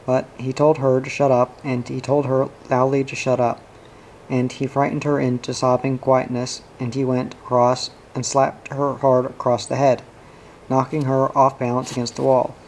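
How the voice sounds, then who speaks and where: A man reading a novel aloud at a steady, unhurried pace. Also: medium pitch, slight background noise, poor audio. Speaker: audiobook reader.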